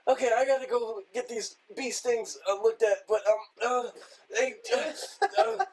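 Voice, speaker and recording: Man's impression: gentle, high-pitched male animal-video presenter, upbeat and kid-friendly. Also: expressive, normal speed, heavily acted, poor audio. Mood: chipper. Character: soft high-voiced male wildlife video host.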